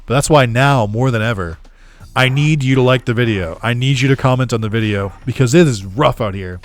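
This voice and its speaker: This fast-talking man has a mid-range voice and chats casually while streaming a game, over soft background music. His talk is full of sarcastic ranting, heavy swearing and frequent laughter.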